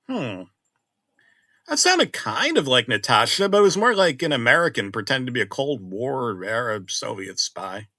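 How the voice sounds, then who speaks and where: A middle-aged man narrating a horror story in a conversational way, swinging between loud exclamations and hushed asides. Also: medium pitch, sing-song, normal speed, dry recording, clean studio sound.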